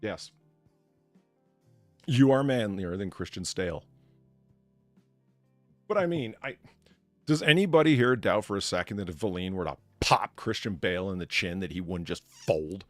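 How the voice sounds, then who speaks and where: A man hosting a casual chat, animated and laughing, with frequent restarts. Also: deep voice, normal speed, long pauses, no echo, soft background music. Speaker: host.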